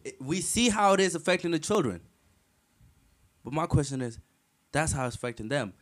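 Animated slangy young man chatting. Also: fairly high pitch, a little fast. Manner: animated, slangy, swears freely. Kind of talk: casual chat.

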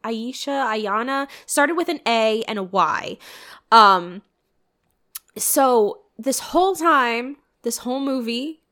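A young woman hosting a casual movie commentary, animated, incredulous and freely swearing. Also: fairly high pitch, slow. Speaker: podcast host.

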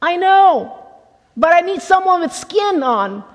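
A woman's voice: very high-pitched, big pitch swings, slow, big-room sound, pitched above the performer's own voice, exaggerated voice. A woman voicing a frightened little boy who pleads with his mother not to leave him. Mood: scared, pleading. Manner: pleading, scared.

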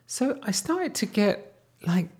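A man in his thirties casually telling a personal story, animated, sometimes dropping to a whisper. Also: takes it slowly, slightly rough. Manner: animated, wide swings in pitch and loudness, drops to whispers.

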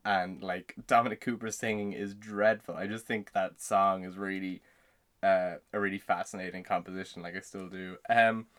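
Young man, lowish pitch, rambling, filler-heavy casual chat. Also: steady tone, moderate pace, fairly bright tone. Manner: rambling, many fillers, frequent laughter. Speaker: podcast co-host.

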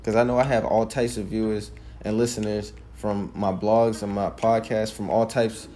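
A man's voice: fairly low pitch, little pitch movement, moderate pace, mellow, a little hiss or hum. A 21-year-old man podcasting alone, telling a story in an emphatic, heated way with plenty of swearing. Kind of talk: casual monologue.

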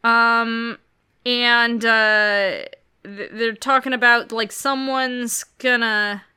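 Bright, clear-voiced woman recapping a film. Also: fairly high pitch, very slow. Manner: rambling, animated plot recap with swearing. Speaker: podcast co-host. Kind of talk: casual movie recap chat.

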